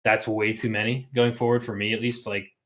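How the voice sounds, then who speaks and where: A man's voice: on the low side, little pitch movement, brisk, a bit bright. A man co-hosting a casual streamed chat, laid-back and rambling with many fillers. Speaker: podcast co-host.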